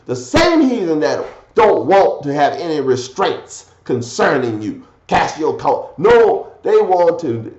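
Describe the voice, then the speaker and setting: A man preaches in a raised, lively voice that climbs and dips sharply. He swings between declaiming verses and low, muttered asides. The sound is roomy and a little muffled. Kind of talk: fiery scripture sermon.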